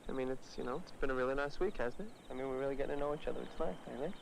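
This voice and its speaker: A man plays a bashful young suitor, soft-spoken and a little gravelly, in a film clip. He talks outdoors on a porch with faint country ambience behind him. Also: mid-range voice, very fast, a little hiss or hum, natural voice. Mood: tender.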